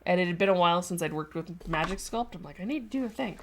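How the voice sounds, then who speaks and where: A woman's voice: fairly low pitch, animated, quick pace. A Canadian woman chatting casually on a craft livestream, reading viewer comments aloud and talking about her work. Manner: chatty, reads chat aloud, voices her lizard's thoughts. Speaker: sculpting livestream host. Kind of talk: casual chat while working.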